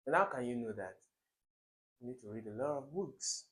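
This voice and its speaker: A young man teaches an English exam lesson in an emphatic way. He repeats key words and keeps quizzing his listeners. His voice sits at an ordinary middle pitch. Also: animated, normal speed, a bit bright. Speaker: exam tutor. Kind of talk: recorded exam-prep lesson.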